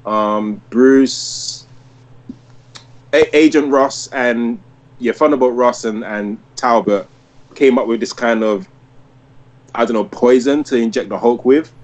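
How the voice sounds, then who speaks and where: A man in his thirties co-hosting a casual podcast. He tells long, winding stories packed with "like" and restarts. His pitch sits in an ordinary middle range. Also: slow, long pauses. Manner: rambling storyteller, heavy use of "like". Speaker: podcast co-host. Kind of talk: casual chat.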